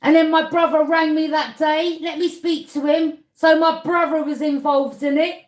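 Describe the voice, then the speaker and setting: A woman in a roomy, echoing space, her voice sitting fairly high. She talks straight at her listener in a pointed, accusing way. She keeps jabbing "yeah?" at them as a challenge. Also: flat delivery, moderate pace. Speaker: tarot reader. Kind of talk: confrontational monologue to camera.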